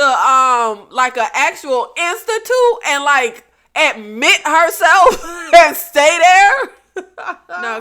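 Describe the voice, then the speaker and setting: Woman, high voice, bright, animated TV recap, laughs a lot. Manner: animated, laughs often, acts out quotes. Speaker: recap vlogger. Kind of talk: casual TV recap commentary.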